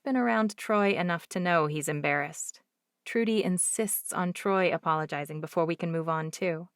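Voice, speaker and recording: Woman reading a romance audiobook, expressive, lowish voice, dry close mic. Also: normal speed, dry recording. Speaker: audiobook narrator. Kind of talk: first-person romance audiobook narration.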